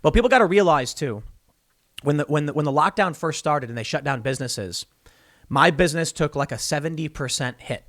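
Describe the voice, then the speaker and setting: Animated male political commentator. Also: medium pitch, no echo, studio quality. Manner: animated, repeats himself, argues by example.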